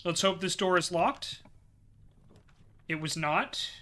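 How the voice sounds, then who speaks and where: A man's voice: high-pitched, slow pace, bright, forceful tone. A man hosting a let's play video, commenting as he plays and sighing and lamenting his setbacks with repeated dismay. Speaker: gaming video host.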